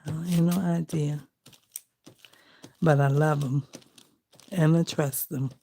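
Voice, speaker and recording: A woman's voice: sits low, fairly even intonation, slow pace, dark tone, a little hiss or hum. A middle-aged woman, chatting in a heartfelt, folksy way while she crafts for her vlog. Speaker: crafting vlogger. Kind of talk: casual chat while crafting.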